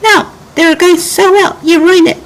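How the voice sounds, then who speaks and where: A narrator putting on a squeaky little boy bird. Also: fairly even intonation, normal speed, low-quality recording. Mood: upset. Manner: high squeaky shouting. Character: little boy bird, youngest in town, whiny.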